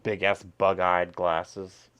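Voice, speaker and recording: A man's voice: low voice, completely flat delivery, takes it slowly, a bit bright, clear, resonant tone. A man hosting a casual stream, ranting crudely with lots of swearing while watching videos. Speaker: streamer host.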